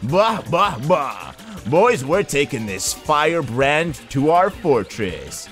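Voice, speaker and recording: A man's voice: fairly high pitch, very animated, takes it slowly, a bit bright, faint music behind, full character voice. Man playing a smug game villain, talks down to everyone, voice jumps around a lot. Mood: taunting. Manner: taunting, condescending. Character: sneering pompous male villain commander.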